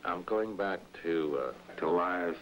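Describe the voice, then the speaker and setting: A man's voice: low voice, unhurried, a bit bright, a little hiss or hum, low-quality recording. A man telling a rambling, profane story in slangy talk, acting out the voices of the people in it. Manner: gruff, slangy, acts out quoted voices. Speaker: writer being filmed at home.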